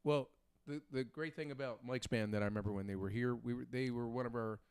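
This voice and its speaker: A man's voice: medium pitch, fast talker, clear, resonant tone, no echo. A man co-hosting a live podcast, bantering and joking in a casual way. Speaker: podcast co-host.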